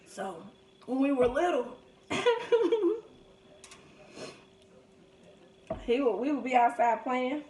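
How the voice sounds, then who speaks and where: A woman tells family stories in a relaxed, chatty way. Her voice sits a little high. The room around her is echoey. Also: extremely slow, long pauses, recorded from a distance. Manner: chatty, reminiscing, quotes people in lively voices. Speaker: vlogger. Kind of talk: casual storytelling during a food video.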